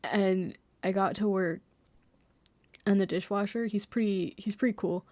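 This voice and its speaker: A woman's voice: medium pitch, fairly even intonation, measured pace, a little mellow, no room sound. A young woman chatting casually on a live stream from home, rambling, giggling and mocking herself, sometimes dropping to a whisper.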